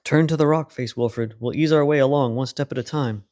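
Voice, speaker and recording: A man voicing a fatherly older male mouse in a storybook reading, steady and gently commanding. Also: mid-range voice, fairly quick, close to an everyday voice. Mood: reassuring.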